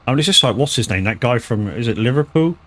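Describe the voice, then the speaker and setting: A man's voice: mid-range voice, lively intonation, fast, a bit bright. A man chatting casually on a live gaming stream, rambling, stumbling over words and swearing freely. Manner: rambling, swears freely, lots of restarts and stammers.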